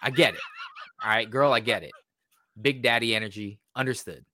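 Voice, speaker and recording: A young man chatting casually on a podcast, sarcastic and animated, often acting out characters in mocking voices. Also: medium pitch, a little fast, no room sound. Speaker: podcast co-host.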